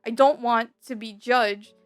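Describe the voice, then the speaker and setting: A woman's voice: a little high, fairly even intonation, measured pace, faint music behind. A young woman gaming YouTuber talking candidly at home in a rambling, confiding way, full of fillers and restarts. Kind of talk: candid personal vlog talk.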